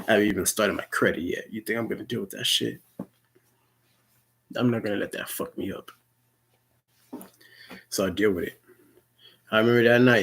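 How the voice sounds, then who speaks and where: Telling a story from his own life, a young man rambles and curses a lot in a low-leaning, husky, breathy voice, his tone bright and forceful. He keeps tripping over repeated words and restarting his sentences.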